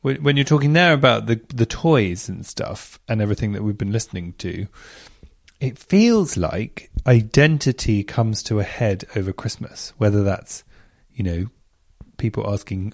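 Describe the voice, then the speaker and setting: A man's voice: mid-range voice, normal speed. A man hosting a chatty podcast, talking casually and reading out listener stories. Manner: chatty, animated, reads out listener messages. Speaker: podcast host. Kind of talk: casual chat.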